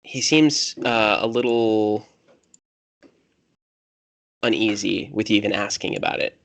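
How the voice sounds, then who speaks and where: A man running a tabletop game as game master, narrating in a relaxed, hesitant way with fillers. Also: on the low side, unhurried, vocal fry.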